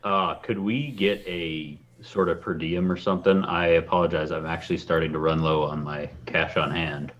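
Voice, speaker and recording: A man's voice: sits low, steady tone, normal speed, hardly any pauses, fairly bright tone. A man playing a tabletop game, polite and hesitant, with frequent filler words. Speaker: player.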